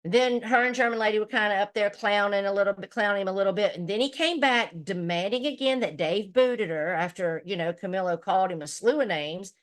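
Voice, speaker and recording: A woman streamer rambles through a gossipy recap, swearing freely. Her voice sits at a middling pitch, and she talks in a loose, unscripted way. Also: fairly quick, few pauses. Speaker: livestream commentator. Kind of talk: casual livestream recap.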